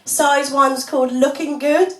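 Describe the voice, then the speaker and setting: A woman doing a stand-up comedy set of deadpan one-liners, laughing often. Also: high-pitched, measured pace. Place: small pub comedy club, audience laughing. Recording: echoey room, voice from far off.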